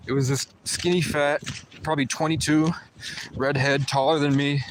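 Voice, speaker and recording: Give me a brash, rambling man telling stories on a phone livestream, with clear noise behind him. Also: on the high side, fairly even intonation, moderate pace. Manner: rambling, brash, profane storyteller. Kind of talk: casual livestream storytelling. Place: outdoors riding around town, then in a store.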